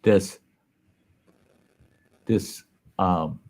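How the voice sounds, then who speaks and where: A man's voice: low voice, fairly even intonation, very slow, a little mellow. A man hosting a casual chat, telling a long joke in a folksy way and swearing freely. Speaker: host.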